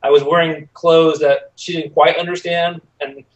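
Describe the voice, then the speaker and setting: A middle-aged man, a podcast guest, telling a personal story in a casual, animated way, acting out the voices he quotes. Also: on the high side, moderate pace, far from the mic, lo-fi sound.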